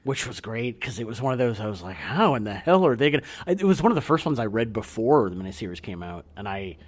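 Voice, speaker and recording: Middle-aged male co-host, easygoing, agreeable, lively intonation. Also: fairly low pitch, fast. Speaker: podcast co-host. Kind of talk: casual chat.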